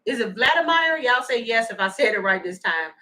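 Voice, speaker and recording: A woman giving a chatty, animated livestream tarot reading and thanking viewers by name. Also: on the high side, a little fast, rough recording. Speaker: tarot reader.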